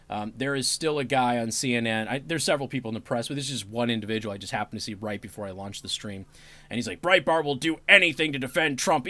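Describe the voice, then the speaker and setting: Casual livestream commentary from a radio talk show host, his medium-pitched voice fairly bright and free of echo. He chats with listeners, grows sarcastic on political subjects, adds apologetic asides, and laughs now and then.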